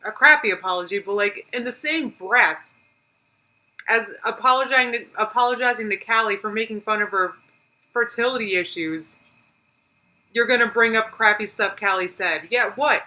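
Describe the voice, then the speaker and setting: A woman's voice: medium pitch, normal speed, sharp tone, rough recording. Exasperated woman reacting to a clip. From United States. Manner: exasperated, talks back to the clip, demands evidence; laughs often, reads viewer comments aloud. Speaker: reaction streamer. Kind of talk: live reaction commentary.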